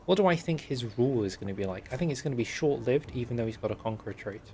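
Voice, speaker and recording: A man's voice: medium pitch, lively intonation, fast talker, darkish tone, slight background noise. A man streaming a strategy game, chatting casually and joking while reading the event text aloud. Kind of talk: casual gameplay commentary.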